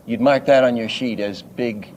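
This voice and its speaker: An older man teaching animation, unhurried and thinking aloud, often stopping to act out a line reading. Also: mid-range voice, fairly even intonation, a little mellow, slight background noise. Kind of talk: teaching lecture.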